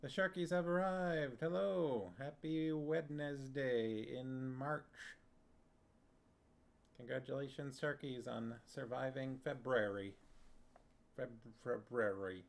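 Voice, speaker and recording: Guy rambling to his chat on stream, laid back and slow, bit of fry in the voice. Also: medium pitch. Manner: rambling, chatty, reacts to chat messages. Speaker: streamer reading a book with viewers. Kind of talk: casual chat with live chat viewers.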